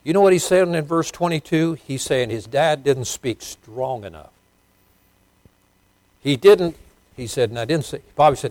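A middle-aged man preaching a sermon as pastor, swinging between loud emphasis and quiet asides. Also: a little high, expressive, moderate pace, pauses often, no room sound.

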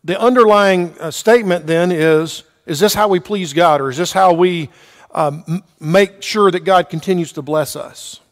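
A man's voice: high voice, moderate pace, long reverb tail. A man teaching a Bible lesson verse by verse, asking his listeners questions and checking in with "okay" often.

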